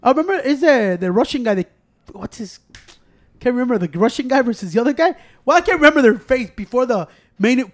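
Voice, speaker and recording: High-voiced man, rambling bilingual banter. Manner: rambling, profane, mixes Spanish into English. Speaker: podcast co-host. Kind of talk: casual chat.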